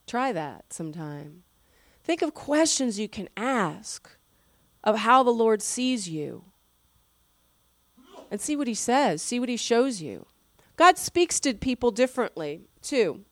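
A woman pastor giving a sermon in an earnest, conversational way, often dropping to a soft, quiet voice. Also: mid-range voice, very animated, unhurried, no echo.

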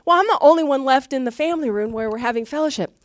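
A woman giving a personal testimony at a church service, a chatty and animated storyteller who laughs often and fills her speech with restarts. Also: sits high, racing, dry recording, clean studio sound. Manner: chatty, many fillers and restarts. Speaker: church speaker sharing a testimony.

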